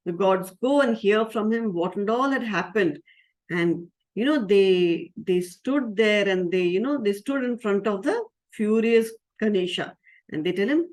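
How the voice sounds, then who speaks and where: A woman who is a spiritual teacher, telling a story to children in a lively way and asking them questions. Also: medium pitch, normal speed. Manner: lively, asks the audience questions.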